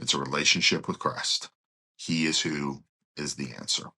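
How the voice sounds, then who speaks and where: A man's voice: extremely low pitch, normal speed, vocal fry, breathy edge. A male pastor guest on a podcast, telling anecdotes and acting out the dialogue of the people in them. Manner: animated anecdote-telling, acts out quoted dialogue. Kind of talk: storytelling in a podcast interview.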